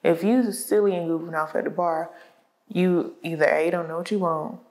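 Speaking through a lapel mic with poor audio, this podcast co-host has a lowish, darkish voice, fairly even intonation, and a moderate pace. Her talk is casual and conversational, full of fillers as she thinks through and explains her views.

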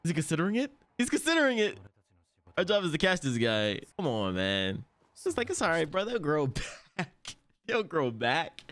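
A man's voice: fairly high pitch, fairly quick, dry recording. A man hosting an anime reaction, talking in casual slang with frequent laughs and swearing. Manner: excitable, laughs often, heavy slang and swearing.

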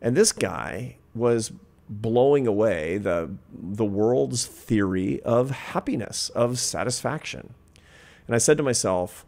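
A man's voice: on the low side, lively intonation, measured pace, creaky, darkish tone. A man in his fifties, a social scientist and interview guest, earnestly telling a personal anecdote in conversation. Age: 50s. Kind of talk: reflective storytelling in conversation.

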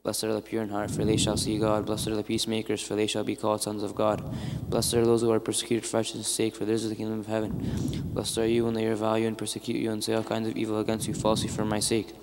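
A lowish male voice reads scripture quickly on nearly one pitch. Clear background noise and clicks mix with the church's long reverb. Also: monotone. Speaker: Gospel reader. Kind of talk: scripture reading.

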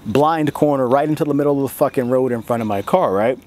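A man's voice: mid-range voice, fast, darkish tone. A man vlogging in a casual, profane storytelling manner, laughing often as he talks.

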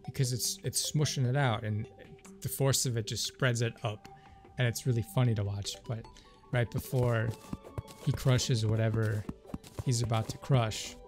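A man's voice: medium pitch, fairly even intonation, normal speed. A man giving casual, rambling commentary as he plays a video game. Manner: chatty, rambling asides. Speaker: let's play host. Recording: game music behind the voice.

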